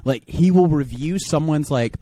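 A young man co-hosting a casual podcast, telling stories excitedly and acting out quotes. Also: fairly high pitch, moderate pace, no room sound. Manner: excitable, storytelling with quoted voices. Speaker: podcast co-host.

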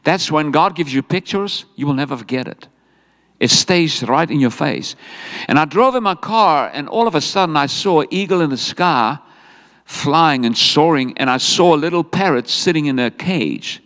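A man's voice: a little high, animated, moderate pace, a bit bright. A middle-aged South African man preaching a sermon, telling a story with animation and acting out quoted words. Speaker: pastor. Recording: echoey hall sound.

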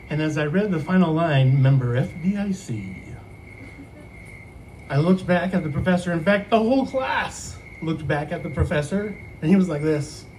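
A man with a fairly high voice telling a personal story on a podcast. He tells it in an animated, expressive way and breaks into laughter often. A faint background noise sits under his voice. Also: poor audio. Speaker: student affairs house advisor.

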